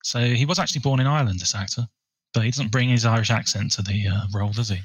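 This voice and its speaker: A man co-hosting a film podcast, measured and informative, steering the conversation. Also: mid-range voice, slightly rough, no room sound. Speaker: podcast co-host. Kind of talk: casual film chat.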